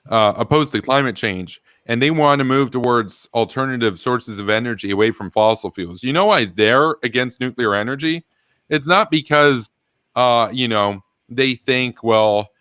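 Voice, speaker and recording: Guy hosting a political stream, mid pitch, dry close sound, animated, laughs a lot. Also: smooth, dry recording. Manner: animated, reads chat aloud, laughs often. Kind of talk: casual political commentary.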